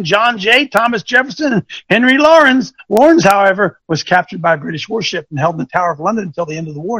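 A man coaching an audience, speaking in an animated, teasing way that quizzes listeners with questions and thinks aloud. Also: high voice, dry recording. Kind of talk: lecturing talk with rhetorical questions.

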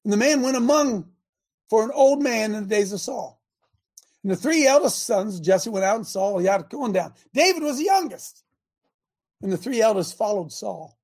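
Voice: medium pitch, animated, normal speed, darkish tone, slightly rough. A preacher delivering a dramatic sermon, retelling scripture loosely and calling the congregation to answer amen.

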